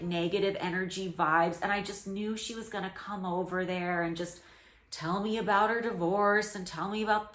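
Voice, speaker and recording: A woman's voice: lowish voice, a bit bright. A woman hosting a casual reaction commentary on a reality show, telling stories in a chatty way with lots of "like" and easy laughter. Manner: chatty storytelling with frequent "like" fillers and laughter. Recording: roomy echo.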